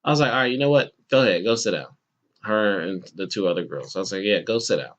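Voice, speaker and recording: A man's voice: fast talker, muffled recording. A man hosting a podcast, telling a story in a casual chat and acting out the people he quotes. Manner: animated, acts out quoted voices with bursts of pitch. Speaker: podcast host.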